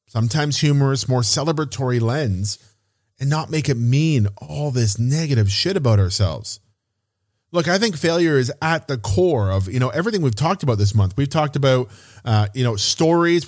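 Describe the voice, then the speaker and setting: A man's voice: on the high side, dry recording, clean studio sound. A man hosting a solo motivational podcast as a business coach, speaking casually and stressing points by repeating phrases. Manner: casual, occasional swearing.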